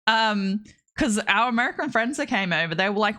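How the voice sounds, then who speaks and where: A woman's voice: mid-range voice, fairly quick, sharp tone. An Australian woman streaming games, chatting casually in a rambling way and laughing often. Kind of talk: casual livestream chat.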